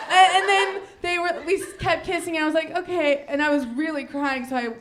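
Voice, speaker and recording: A woman's voice: very high voice, fairly quick, hardly any pauses, a bit bright. A woman comedian telling a rambling, self-mocking story on stage, often breaking into giggles. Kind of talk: live storytelling stand-up.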